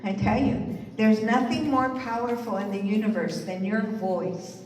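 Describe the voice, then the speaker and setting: Lady preaching in a church, encouraging folks to answer back, very echoey big hall, mic kinda far off, soft music under. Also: on the high side, steady tone, a little slow, slight background noise. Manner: encouraging, calls for congregation responses. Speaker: speaker at a church service. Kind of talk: inspirational sermon talk. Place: church sanctuary.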